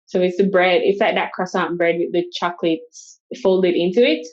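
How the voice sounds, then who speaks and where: A Jamaican woman, a solo travel coach appearing as a guest in a casual interview, tells stories with energy and acts out the things people said to her. Her voice is on the low side at normal speed, and the recording sounds muffled.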